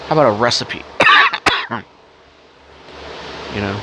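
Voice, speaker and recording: A man's voice: medium pitch, expressive, takes it slowly, pauses often, background noise. A man with a cough talking in a rambling, blunt, profane casual monologue, often stopping to cough. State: has a cough. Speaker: vlogger.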